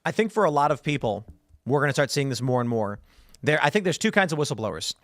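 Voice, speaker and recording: A man hosting a talk show, reasoning aloud in a quick and thoughtful way. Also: on the high side, sing-song, fairly bright tone, dry recording, studio quality. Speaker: show host. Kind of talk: podcast discussion.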